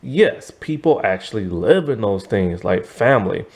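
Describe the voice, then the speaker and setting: A man's voice: on the low side, animated, normal speed, vocal fry. A man giving a casual, rambling TV review, tired and yawning, full of asides and fillers. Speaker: TV show reviewer.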